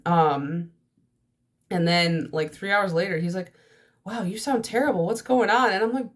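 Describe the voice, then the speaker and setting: Young woman vlogger, congested and nasal, lower-pitched, stream-of-consciousness casual chat. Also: normal speed. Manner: chatty stream-of-consciousness talk. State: stuffy nose, nasal from allergies. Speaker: nail polish vlogger.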